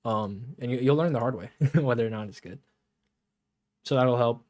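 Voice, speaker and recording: A man's voice: mid-range voice, normal speed. Chatty young male game coach. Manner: rambling with many fillers, grows lively and emphatic. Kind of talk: casual coaching talk to camera.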